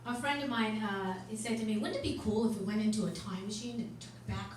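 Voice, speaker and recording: Brash deadpan woman comic, echoey club. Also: medium pitch, fast. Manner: deadpan, brash, profane delivery. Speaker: stand-up comedian. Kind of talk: stand-up comedy set. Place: comedy club stage. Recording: echoey club from far off with loud noise.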